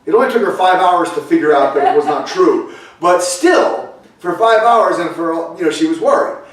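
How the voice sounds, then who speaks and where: A man's voice: fairly high pitch, normal speed, distant mic. An older man preaching a conversational sermon, telling stories with chatty asides and restarts. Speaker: pastor. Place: church sanctuary, echoey room. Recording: echoey room, voice from off-mic.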